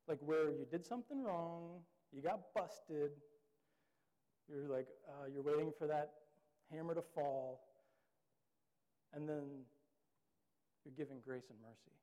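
A man's voice: fairly high pitch, moderate pace, warm tone. A young man preaching a sermon in a loose, chatty storytelling way, full of filler words. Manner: casual, storytelling with many "like" fillers. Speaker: pastor. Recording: long reverb of a large hall.

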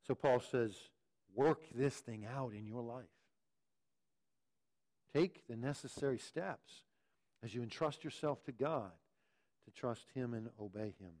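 A man's voice: medium pitch, measured pace, long pauses, darkish tone. A man preaching a sermon, teaching in an earnest way and often repeating words as he restarts. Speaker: pastor.

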